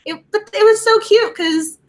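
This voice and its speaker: A woman co-hosting a casual book club discussion, animated and reading quoted lines aloud with feeling. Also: very high-pitched, moderate pace.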